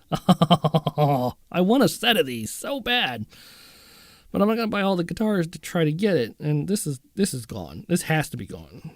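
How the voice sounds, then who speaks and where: A man's voice: fairly high pitch, darkish tone, no echo, studio quality. A man hosting a casual guitar video, chatting and rambling to himself as he browses guitar listings. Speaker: guitar channel host.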